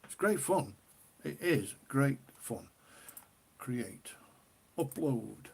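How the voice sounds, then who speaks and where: Slight background noise sits under this northern English livestream host's mid-range voice, which is animated, unhurried and creaky. He chats casually with viewers, laughs often and reads their comments out loud.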